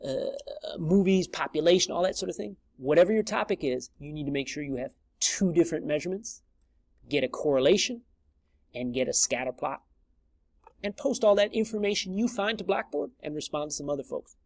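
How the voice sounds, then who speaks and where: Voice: mid-range voice, animated, fairly quick, darkish tone, no room sound. A math instructor talking through a screen-recorded lesson in a casual, chatty way, often stopping to correct themselves.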